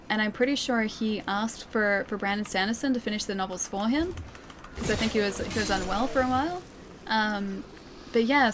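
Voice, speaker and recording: A chatty Australian woman plays a game on a live stream and keeps up an easy back-and-forth with her chat. Her voice sits a little high, and she laughs often between remarks. A faint hum of room sound stays in the background. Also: fairly bright tone. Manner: chatty, laughs often, reads viewer comments aloud. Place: living room at home.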